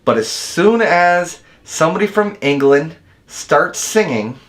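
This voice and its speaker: A fairly high-pitched, expressive man with a fairly bright tone speaks slowly. He's an American video editor hosting his own channel, chatting loosely with livestream viewers in a rambling, laid-back way and calling them dude and man.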